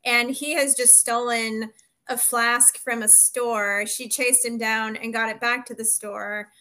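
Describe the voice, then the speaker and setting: A woman reading a romance novel scene aloud in an expressive storytelling manner. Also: fairly high pitch, measured pace. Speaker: reader.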